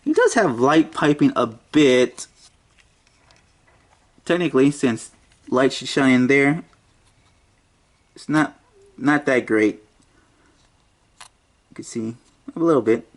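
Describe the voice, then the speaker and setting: A man's voice: medium pitch, animated, takes it slowly, pauses often. A man giving a casual toy review, muttering and joking to himself as he handles the figure.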